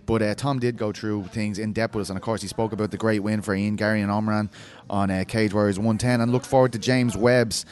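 A man's voice: fairly low pitch, flat delivery, a little fast, hardly any pauses. A man hosting a podcast, asking rambling, chatty questions. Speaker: podcast host. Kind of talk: casual interview chat.

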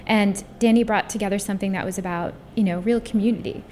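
A woman's voice: mid-range voice, steady tone, fast, a little mellow, a little hiss or hum. A woman, a guest on a radio show, talking in an earnest, thoughtful way with many fillers. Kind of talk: casual interview.

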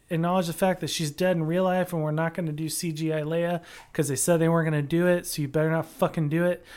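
Guy rambling on a podcast, swears a lot, um and like everywhere. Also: high-pitched. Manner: rambling, profane, many fillers and restarts. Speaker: podcast co-host. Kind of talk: casual chat.

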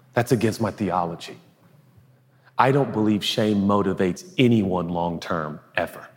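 A pastor preaching a sermon in an earnest, conversational way, now and then dropping to a hush. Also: male voice, on the low side, big-room sound. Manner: earnest, conversational preaching with sudden hushed asides. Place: large auditorium.

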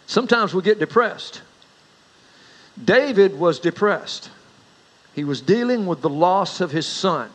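A middle-aged man with a drawl delivers a sermon, weaving in homespun stories with a folksy touch. His voice sits somewhat high for a man. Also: lively intonation, a little slow, pauses often, a bit bright, poor audio. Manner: folksy storyteller, rises in pitch for anecdotes. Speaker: pastor.

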